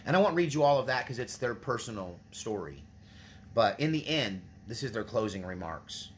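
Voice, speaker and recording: A man's voice: medium pitch, big pitch swings, moderate pace, a little hiss or hum. A man hosting his own channel, talking earnestly and rambling to his viewers. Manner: earnest, rambling, restarts often. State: choked up, near tears. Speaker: channel host. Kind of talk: casual monologue to viewers.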